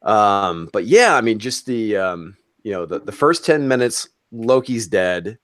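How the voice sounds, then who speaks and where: Animated man gushing in casual chat. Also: fairly low pitch, unhurried, no echo. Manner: excited, animated storytelling with frequent fillers and swearing. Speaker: roundtable guest.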